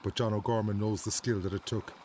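A man narrating a documentary in a measured, even storytelling manner. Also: lowish voice, a little hiss or hum. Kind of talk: scripted narration.

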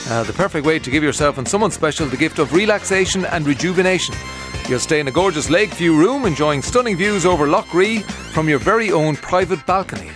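A man's voice: a little high, lively intonation, fast, over music. An Irish man hosting a radio show, chatting casually and reading out listener messages with frequent "uh" fillers. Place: radio studio.

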